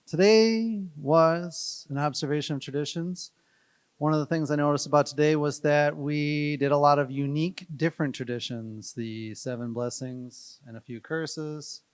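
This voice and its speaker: A man's voice: a little high, a little slow, smooth, no room sound. A man giving a playful, rambling wedding speech at a reception, joking with the crowd. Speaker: wedding guest giving a toast.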